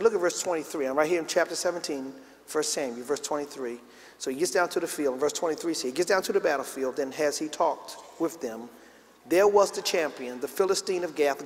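A middle-aged man preaching a sermon as pastor, drawing call-and-response from the congregation and climbing to emphatic peaks. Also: high-pitched. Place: large church sanctuary with congregation. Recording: live church recording with reverb.

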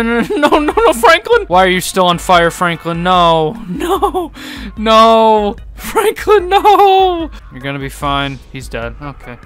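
Young male let's-play host, lively and excitable, bright tone, soft game music underneath. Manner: excitable, laughs often, yelps in high bursts. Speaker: gaming YouTuber.

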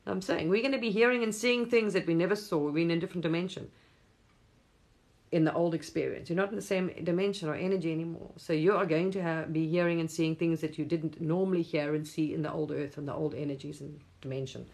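Woman host with a lower voice, gushing and rambling about spirituality, quick to laugh, casual swearing. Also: fairly even intonation, darkish tone.

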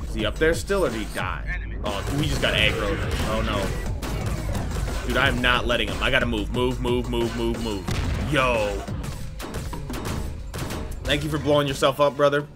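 A young man giving casual, slangy let's-play commentary, breaking into loud excited outbursts and repeating phrases. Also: mid-range voice, measured pace, pauses often. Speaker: gaming YouTuber. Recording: game music playing behind voice. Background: game music.

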